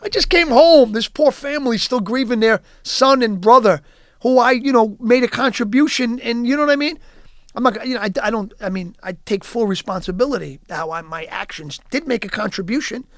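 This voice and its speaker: High-voiced man rambling in a dry studio. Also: brisk, a bit bright, no room sound. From Yonkers, New York. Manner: rambling, heavy on "you know" and restarts. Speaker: guest actor. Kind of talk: casual podcast chat and storytelling.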